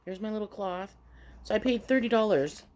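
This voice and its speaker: A woman vlogger telling a story in casual mukbang chat, animated and swearing freely. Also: mid-range voice, a little fast.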